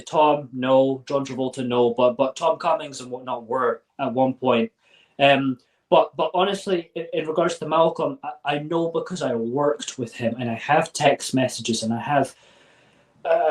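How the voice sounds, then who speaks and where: A man talks frankly as a guest in a casual interview, stumbling over his words and restarting as he goes. He swears without hesitation. His voice sounds set back from the microphone, at a middling pitch for a man. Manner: candid, restarts often, blunt swearing. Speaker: interview guest, former member. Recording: voice sounds distant from mic.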